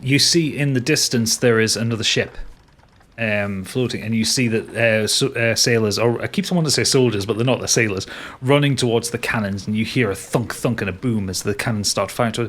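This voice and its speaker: A man's voice: on the low side, a little fast, a bit bright. A man running a tabletop game as game master, narrating in a rambling way that keeps restarting and correcting itself.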